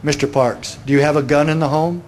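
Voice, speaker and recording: A man voicing a calm, kindly small-town sheriff in a retold story, speaking politely and steadily. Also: on the high side, a little fast, lightly acted. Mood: reassuring.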